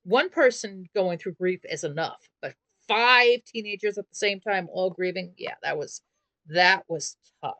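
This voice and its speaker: Woman gaming host, casual chatty commentary, lower voice, dry close sound. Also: unhurried, bright, forceful tone, dry recording, poor audio. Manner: chatty retelling, loose run-on sentences. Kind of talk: life simulation gameplay commentary.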